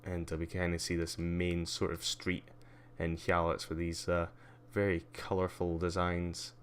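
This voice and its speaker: A man's voice: deep voice, monotone, measured pace, a little hiss or hum. A man giving a casual live-stream tour, rambling with lots of ums and uhs and wry asides. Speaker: livestreamer.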